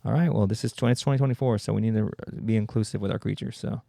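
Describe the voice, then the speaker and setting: Guy with a low gravelly voice rambling thru a comedy podcast bit, cursing a lot, dark mellow tone, dry close sound. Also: fairly even intonation, fast, no room sound. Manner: riffing, self-interrupting, profane. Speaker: podcast host.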